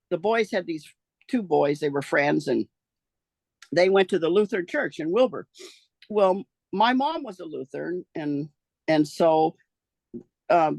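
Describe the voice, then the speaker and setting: An older woman from the rural American West, her voice gravelly and rough at the edges. She rambles through her memories in a folksy way, trailing off and restarting her sentences. The recording is close and dry, with no room sound. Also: fairly low pitch, dry recording. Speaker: interviewee recounting her life. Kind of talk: casual storytelling.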